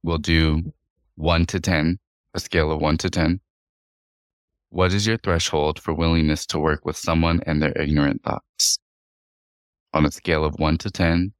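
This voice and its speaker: A man co-hosting a casual podcast, posing questions to his co-host in a deliberate way with lots of fillers. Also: very deep voice, little pitch movement, smooth, no room sound, studio quality. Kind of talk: casual chat.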